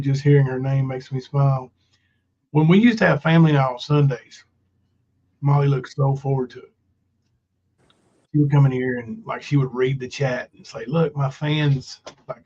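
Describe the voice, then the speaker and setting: A man with a medium-pitched voice hosts a casual livestream, rambling with lots of fillers and reading viewers' comments aloud. The sound is lo-fi.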